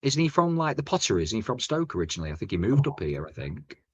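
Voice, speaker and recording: A man's voice: medium pitch, big pitch swings, fast, slightly rough, lo-fi sound. A man, co-hosting a podcast in a chatty, rambling football chat full of restarts and tag questions. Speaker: podcast co-host.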